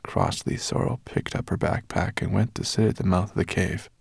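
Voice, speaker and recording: A man narrating an audiobook in an even, measured reading voice. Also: sits low, gravelly, slightly rough, no room sound, clean studio sound.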